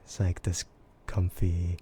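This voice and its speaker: An American man chatting in a soft, gentle ASMR voice, relaxed and hesitant with frequent giggles. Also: sits low, takes it slowly, a little hiss or hum. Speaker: VTuber streamer. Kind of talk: soft-spoken ASMR chat.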